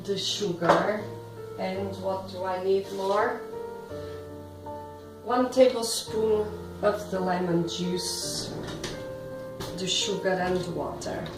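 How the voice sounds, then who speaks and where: Woman hosting a self-filmed cooking video; slow, chatty and self-mocking, in an echoey kitchen. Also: mid-range voice, fairly even intonation. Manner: chatty, self-deprecating asides to the viewer. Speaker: cooking show host. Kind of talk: casual cooking demonstration. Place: home kitchen. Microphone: self-filmed camera. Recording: roomy echo, faint background music.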